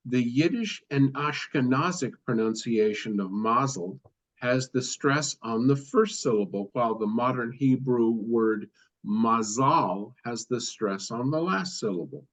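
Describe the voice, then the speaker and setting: A man reading a text aloud in a study session, steady with occasional stumbles and self-corrections. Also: medium pitch, measured pace. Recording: dull lo-fi audio.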